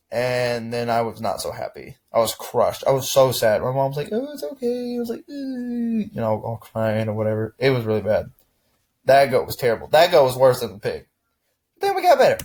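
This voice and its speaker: Young guy from Texas, laid-back vlogger voice, mid pitch, loose and rambling with plenty of restarts. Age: young adult. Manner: rambling, relaxed, frequent restarts and "man". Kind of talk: casual reflective chat to camera.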